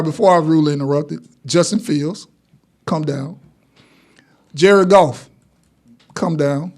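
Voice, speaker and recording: A man hosting a casual sports talk show, playfully calling out names from his list like a game-show announcer. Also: fairly high pitch. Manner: animated, playful list-reading with announcer calls.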